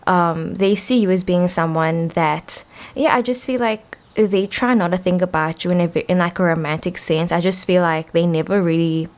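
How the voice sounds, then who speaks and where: Young adult female tarot reader, casual and rambling, slightly low voice, reading at home. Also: normal speed. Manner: chatty, rambling with many "like" fillers. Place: home room.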